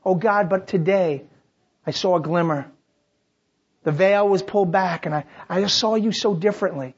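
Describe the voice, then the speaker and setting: A man pastor preaching a sermon, passionate, swinging between loud preaching and quiet prayer at a church service, on a dull lo-fi recording. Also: high-pitched, normal speed, slightly rough.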